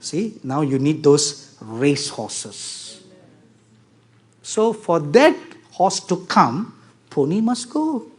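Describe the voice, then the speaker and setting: Slow, emphatic male preacher. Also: on the high side, big pitch swings, husky. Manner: emphatic, repeating key words for stress; talks to the audience directly, asking for agreement. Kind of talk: sermon.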